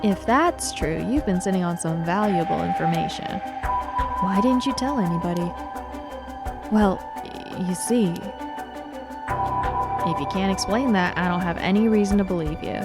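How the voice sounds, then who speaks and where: A woman's voice: on the low side, normal speed, pauses often, lightly acted. A woman voicing a cocky private detective in a game, speaking in a dry, teasing drawl while reading his lines live. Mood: skeptical. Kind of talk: game voice-over read live. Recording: game music playing behind.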